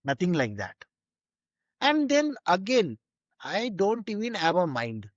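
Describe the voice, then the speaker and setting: A man's voice: sits high, huge pitch swings, unhurried, no room sound, highs cut off. A man giving an informal spiritual teaching, conversational and full of rhetorical questions.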